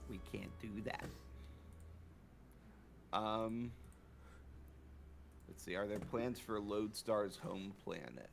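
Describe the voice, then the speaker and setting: A man's voice: lowish voice, takes it slowly, vocal fry, pauses often, background noise. A man co-hosting a drawing livestream, chatting casually in a laid-back way and reading viewer questions aloud. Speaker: co-host of an art stream.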